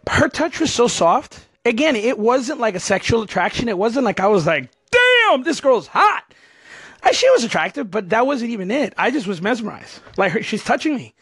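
High-voiced chatty male host. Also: a little fast, hardly any pauses, slightly rough, dry recording. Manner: animated, chatty, laughs while telling stories. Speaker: podcast host. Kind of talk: casual storytelling chat.

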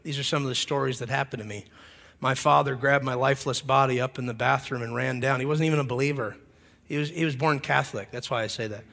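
A man preaching a humorous revival sermon, animated and often leaping into shouts. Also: medium pitch, vocal fry. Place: church hall. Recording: long hall reverb.

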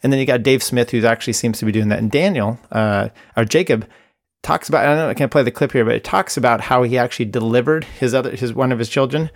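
A man's voice: medium pitch, quick pace, creaky. A man hosting a podcast, talking loosely and rambling between played clips. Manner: rambling, loose, self-interrupting. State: briefly muted on a call. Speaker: podcast host. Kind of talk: casual commentary between clips.

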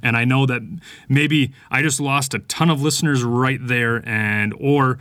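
A man's voice: mid-range voice, unhurried, dry recording. Opinionated man talking sports podcast. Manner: animated, opinionated, many fillers and restarts. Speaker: podcast host. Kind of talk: casual sports commentary.

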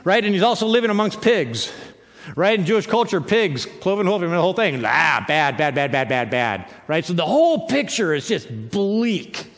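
A man with a fairly high voice preaches in a loose, conversational way and keeps checking in with his listeners. His words echo with the long reverb of a large hall. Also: sing-song, normal speed, fairly bright tone. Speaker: pastor. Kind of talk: sermon.

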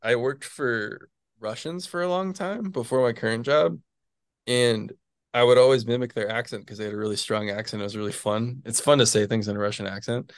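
Speaking a little fast in a mid-range voice, a man in his twenties who studies physics at the PhD level chats as a casual interview guest. The studio-quality recording is dry, and he rambles with plenty of fillers and chuckles between phrases.

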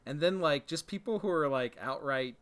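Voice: mid-range voice, lively intonation, moderate pace. A podcast co-host chatting casually, hesitant and full of filler words. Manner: hesitant, lots of fillers and restarts, laughs easily. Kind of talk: casual chat.

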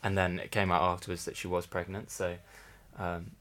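A man's voice: low voice, little pitch movement, moderate pace, a bit bright, slight background noise. A young man from England hosting a casual podcast, chatty with dry, wry humour. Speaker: podcast host. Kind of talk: casual chat.

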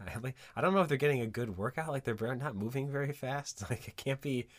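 Male co-host from Queens, dry wit, mid-pitched voice. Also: fairly quick. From Queens, New York. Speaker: podcast co-host. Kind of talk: casual chat recapping a sitcom episode.

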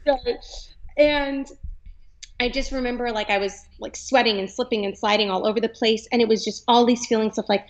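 A young woman with a fairly high voice talks as a yoga teacher in a podcast interview. She is chatty and earnest and scatters "like" through her sentences. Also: steady tone, normal speed, muffled recording.

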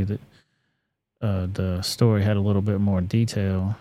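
Low, flat-voiced man on a live stream. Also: normal speed. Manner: casual and profane, loose with fillers. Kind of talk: casual live-stream commentary.

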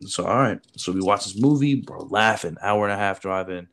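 A man who works as a military recruiter, telling an animated story in casual chat and acting out the people he quotes. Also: on the low side, a little fast.

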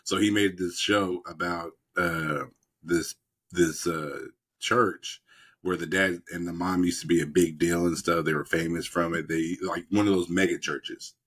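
Man, low voice, husky, casual rambling storyteller, swears a lot. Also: fairly even intonation, unhurried, fairly bright tone. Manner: rambling, profane, laughing between lines. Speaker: podcast co-host. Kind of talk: casual chat, retelling TV scenes.

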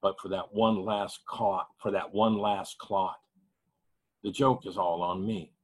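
A man reading his own poetry slowly and heavily at an online open mic, grieving and measured. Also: sits low, fairly even intonation, breathy edge, low-quality recording. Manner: measured, heavy pauses, grieving. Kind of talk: slow spoken-word poetry reading.

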